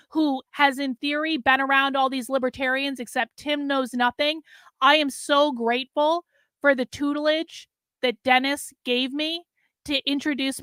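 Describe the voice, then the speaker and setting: High-voiced woman hosting a blunt livestream. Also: a bit bright, no room sound. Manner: blunt, profane and emphatic. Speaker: host. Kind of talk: livestream commentary reacting to clips and reading viewer messages.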